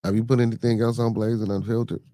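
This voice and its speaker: This fairly low-pitched man talks quickly but flatly, his tone mellow and the recording free of room sound. He keeps things laid-back on his casual podcast stream, going through the chat and replying to viewers with loose slang.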